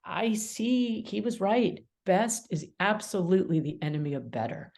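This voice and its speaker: A woman's voice: medium pitch, lively intonation, moderate pace, darkish tone. A middle-aged woman mediator and author, talking animatedly in a podcast interview, laughing often and acting out quoted dialogue. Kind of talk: conversational interview.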